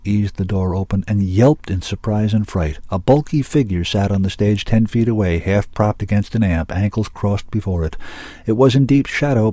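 A man narrating an audiobook in a steady, measured reading. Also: lowish voice, dry recording.

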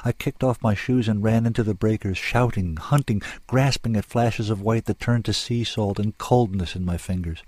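A man's voice: fairly low pitch, moderate pace, hardly any pauses, darkish tone, no room sound. A man reading a dramatic story aloud in an intense, lyrical, sombre manner. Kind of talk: scripted story narration.

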